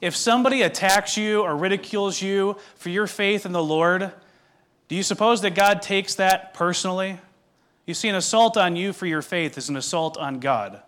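A man preaching a sermon as pastor, reading scripture aloud and explaining it in a measured way, with direct questions to the listeners. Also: high voice, fairly bright tone.

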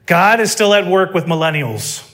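Emphatic preacher with a high voice. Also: male voice, animated, normal speed, fairly bright tone. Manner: emphatic, full of rhetorical questions. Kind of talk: sermon.

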